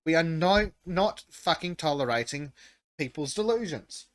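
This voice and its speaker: A man's voice: a little high, expressive, measured pace. A man hosting a podcast in casual chat, blunt and profane as he reads chat comments aloud. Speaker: podcast host.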